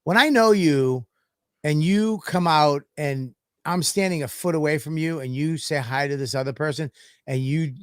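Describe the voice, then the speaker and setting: A man's voice: on the high side, normal speed, clean tone, no room sound, clean studio sound. A man, a comedian and podcast host, telling stories in a profane, ranting way in casual chat.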